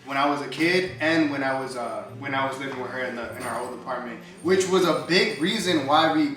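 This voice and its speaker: A man's voice: mid-range voice, brisk. A young man vlogger telling a story in laid-back, slangy talk with casual swearing. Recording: roomy echo, mic far off, music behind.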